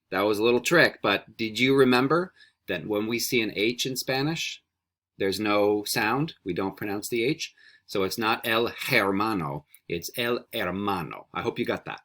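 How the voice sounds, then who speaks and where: A man with a low voice leads a beginner language lesson on video. He is patient and encouraging, moving between English and Spanish. He slows down to model each word for his students. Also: bright, forceful tone. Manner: patient, encouraging, repeats words slowly for students. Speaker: Spanish teacher. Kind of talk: recorded classroom video lesson.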